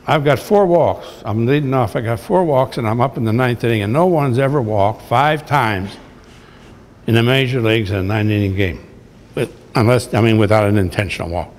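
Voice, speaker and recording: A man's voice: medium pitch, moderate pace, slight background noise. An older man, a retired baseball manager, telling folksy, blunt stories to an audience in a large hall. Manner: folksy, blunt, salty anecdotes. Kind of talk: storytelling speech to an audience. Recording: echoey hall recording.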